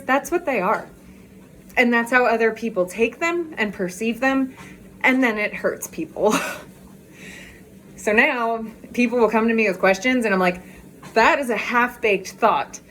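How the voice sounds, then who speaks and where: A woman's voice: fairly high pitch, fairly bright tone, a little hiss or hum. A woman vlogger chatting candidly in a casual walk-and-talk video, talking outdoors as she walks.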